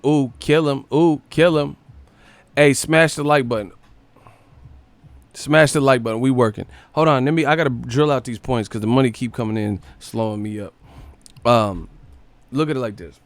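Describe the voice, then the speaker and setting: A man's voice: medium pitch, normal speed, long pauses, no room sound. A man hosting a live stream, ranting casually about boxing with a lot of swearing. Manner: profane, ranting, animated.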